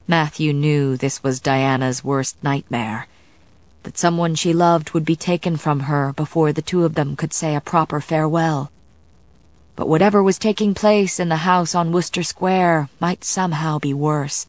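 A woman narrates a novel with a low-pitched voice, in measured and even tones. The recording is dry and close, with no room sound. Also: no room sound. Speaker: audiobook narrator. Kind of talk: scripted narration.

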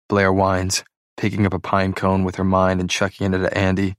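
A man narrating a story in the first person, in a measured, even reading. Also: deep voice, no room sound, studio quality. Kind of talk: audiobook narration.

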